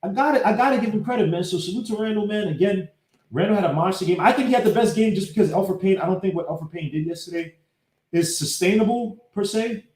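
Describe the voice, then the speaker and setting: A man hosting a casual live-streamed sports podcast, breaking down game clips and greeting viewers by name in an animated way. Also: high voice, quick pace. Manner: talks while fumbling with his computer. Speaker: podcast host. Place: home setup, live streaming. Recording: echoey room.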